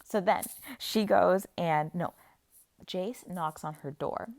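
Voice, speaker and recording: A young woman talks through a book's plot in a casual, playful way. Her voice sits a little low, and she jumps into characters' lines to act them out. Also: slow pace, creaky, a little mellow. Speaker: book vlogger. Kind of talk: casual book recap.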